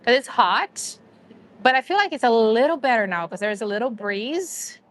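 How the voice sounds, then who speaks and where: A woman's voice: fairly high pitch, expressive, moderate pace, fairly bright tone. A woman hosting a casual livestream, chatting to viewers and a dog and laughing often. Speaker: livestream host.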